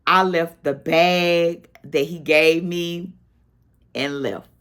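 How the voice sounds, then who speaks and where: Slow, low-voiced woman telling a story. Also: clean tone. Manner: animated storyteller, acts out quotes with a higher voice. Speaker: vlogger telling a personal story. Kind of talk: casual storytime chat.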